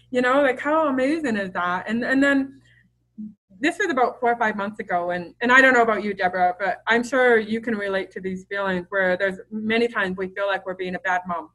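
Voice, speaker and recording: A woman's voice: on the high side, fairly quick, fairly bright tone, rough recording. A middle-aged woman as a podcast guest, talking openly and chattily with lots of fillers and restarts. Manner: open, chatty storyteller with many fillers and restarts. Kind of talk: casual interview conversation.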